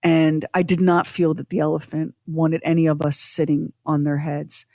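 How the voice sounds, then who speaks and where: A woman co-hosting a podcast, telling a personal story in an animated, self-deprecating way with acted-out quotes. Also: low-pitched, moderate pace, vocal fry, no echo, studio quality. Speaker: podcast co-host.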